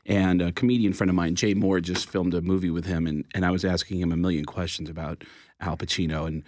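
A man, a comedian and voice actor, telling lively comic stories as a radio guest and jumping into quoted voices. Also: fast, no room sound, clean studio sound. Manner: lively, jumps into high-pitched quoted voices. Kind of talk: animated comic storytelling.

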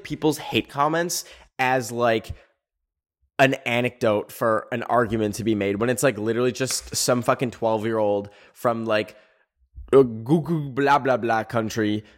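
Profane, animated young man ranting. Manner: animated, profane, sarcastic, pitch leaping up on emphasis. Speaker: podcast host. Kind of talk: casual ranting commentary.

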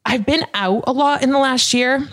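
A woman's voice: high-pitched, moderate pace, a bit bright. A woman hosting a podcast, talking in a chatty, open way with a lot of "like". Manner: chatty and open, heavy use of "like". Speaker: podcast host. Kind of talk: casual podcast chat.

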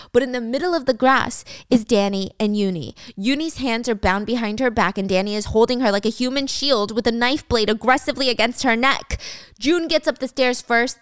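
A woman's voice: a little high, clear, resonant tone, no echo. A young woman casually recapping a dramatic story, with wry, chatty asides.

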